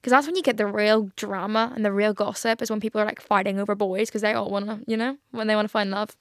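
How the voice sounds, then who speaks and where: A woman's voice: medium pitch, fairly even intonation, fast, dry recording, clean studio sound. A young Irish woman hosting a casual solo podcast, chatty and gushing with lots of "like" fillers. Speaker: podcast host.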